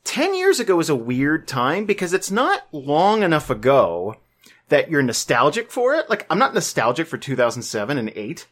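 A man's voice: fairly high pitch, wildly swooping pitch, normal speed, fairly bright tone. A man in his thirties co-hosting a podcast in casual chat, often hesitant and restarting with dry humor. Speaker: podcast co-host.

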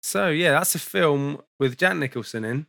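A man's voice: fairly high pitch, expressive, moderate pace, vocal fry, fairly bright tone, no echo. A man co-hosting a casual chat, teasing his guest and reading reviews aloud. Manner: teasing, playful. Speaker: podcast co-host.

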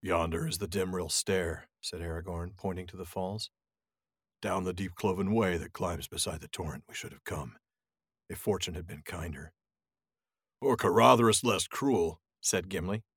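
A man with a fairly low voice reads a novel aloud in a measured, dramatic way before slipping into easy podcast chat. His sound is dry and close, with no room around it. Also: fairly bright tone, breathy edge, no room sound. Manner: dramatic, measured reading voice that drops low for narration. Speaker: podcast co-host reading aloud. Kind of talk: reading a novel aloud, then casual discussion.

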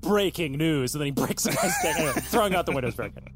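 A man's voice: on the high side, huge pitch swings, very fast, a bit bright. A man in casual chat, animatedly brainstorming a story and acting out characters' lines with swearing. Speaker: podcast co-writer.

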